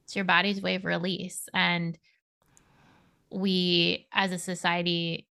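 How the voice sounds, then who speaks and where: A woman's voice: fairly low pitch, flat delivery, takes it slowly, creaky, bright, forceful tone, smooth, no echo. A woman speaking as a spiritual coach guest on a podcast, earnest and meandering, laughing often. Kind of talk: podcast interview conversation.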